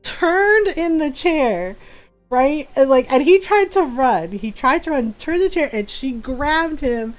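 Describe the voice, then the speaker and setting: A woman streamer telling a family story in casual chat, animated and laughing often, with lots of "like" and "right". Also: sits high, takes it slowly, soft background music. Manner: repeats filler words like "right" and "like". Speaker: live game streamer.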